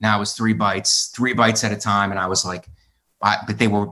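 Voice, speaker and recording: A man's voice: lowish voice, steady tone, brisk, sharp tone. A man hosting a podcast in casual chat, rambling through a personal story and recounting exchanges with other people. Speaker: podcast host.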